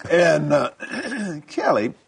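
A man's voice: fairly high pitch, big pitch swings, drawn-out words, creaky, slight background noise. An older man, a minister co-hosting, telling folksy stories and preaching in casual conversation with laughs and restarts. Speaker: minister co-host.

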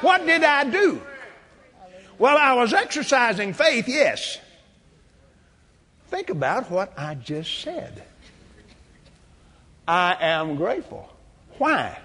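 An older man preaching a sermon, quoting scripture and telling a testimony, at times shouting praise. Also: high-pitched, big pitch swings, slow, long pauses, breathy edge, long reverb tail.

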